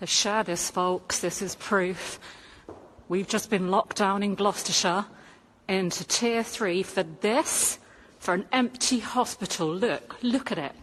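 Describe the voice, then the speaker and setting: A woman's voice: mid-range voice, slow pace, slight background noise. A woman films on a handheld phone while walking through empty hospital corridors, indignant and urging viewers to look. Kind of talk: handheld walk-through video rant.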